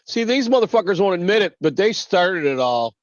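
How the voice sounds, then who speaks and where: A man's voice: sits high, sing-song, brisk, no room sound. Profane ranting male streamer, dry lo-fi mic. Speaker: livestream host. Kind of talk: casual livestream rant.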